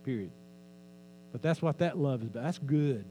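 A man's voice: mid-range voice, lively intonation, moderate pace, dark tone, slight background noise. A man preaching a sermon in a church as pastor, talking conversationally, joking with the congregation and repeating key lines for emphasis.

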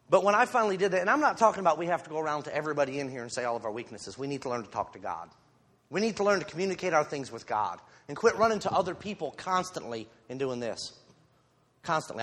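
Holding a handheld microphone, this lay preacher talks to his congregation in a church sanctuary with a medium-pitched, slightly bright voice. His sermon is informal, frank and self-deprecating, sprinkled with joking asides, and the sound rings with long hall reverb.

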